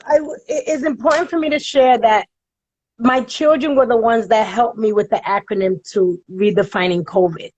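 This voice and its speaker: A woman guest in a casual interview chat, talking in an earnest, measured way. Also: on the high side, darkish tone, dull audio, a little hiss or hum.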